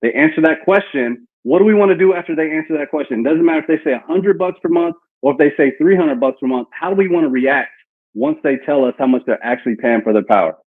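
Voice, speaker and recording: A man's voice: on the high side, expressive, fast talker, slightly rough. A man running a live sales training session, coaching a team on cold-call lines and acting out example phone talk. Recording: tinny phone-like call audio.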